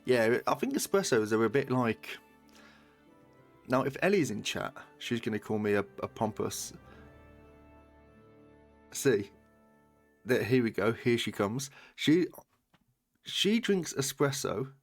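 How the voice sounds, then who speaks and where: A man's voice: medium pitch, big pitch swings, slow pace, long pauses, soft background music. A British man streaming a game, chatting casually, swearing and bantering with his chat. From Britain.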